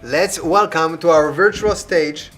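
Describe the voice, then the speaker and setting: A man hosts a live online variety show over a video call and upbeat introduces the next act. His voice is bright and sits a little high, with faint music underneath. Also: takes it slowly. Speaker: host.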